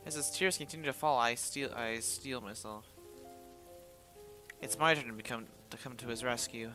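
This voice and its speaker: Narrating a visual novel in first person, a man delivers a dramatic, emotional reading in a bright, forceful, mid-pitched voice at normal speed. He often trips over lines and restarts, interrupting himself with blunt curse-filled asides as quiet music runs underneath.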